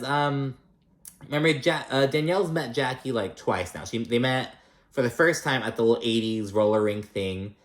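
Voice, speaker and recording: A man talks through a reality show episode in a loose, gossipy way. He swears freely and drops into mock voices for the people he quotes. His pitch sits in the middle, and the room around him is noticeably echoey. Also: a bit bright. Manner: chatty and profane, acts out quotes in mock voices. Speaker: reality TV recap host. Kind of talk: casual recap chat.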